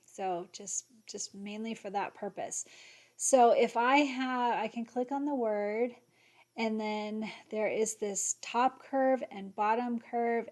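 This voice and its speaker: A woman hosting an embroidery software tutorial, excitable and gushing, sometimes muttering to herself as she clicks along. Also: a little high, takes it slowly. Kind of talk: screen-share software tutorial.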